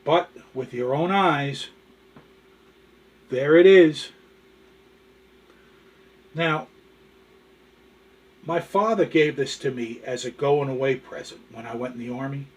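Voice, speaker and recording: A man's voice: mid-range voice, slow, long pauses. A male show host telling corny jokes and showing collectibles in a folksy, chatty way. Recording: distant from the mic.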